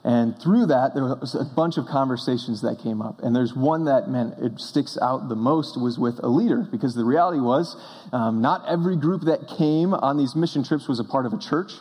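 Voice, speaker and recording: A man's voice: mid-range voice, normal speed, darkish tone, husky. Young male pastor, earnest and emphatic, sermon delivery, echoing sanctuary. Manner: earnest, storytelling preacher with emphatic bursts. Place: church sanctuary. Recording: reverberant church hall.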